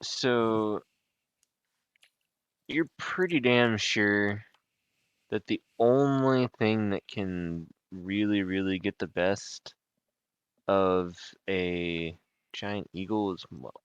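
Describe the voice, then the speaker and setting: A man's voice: lowish voice, very slow, long pauses, clean tone, no echo, dull audio. A man narrating as game master of a tabletop game, rambling and restarting his sentences.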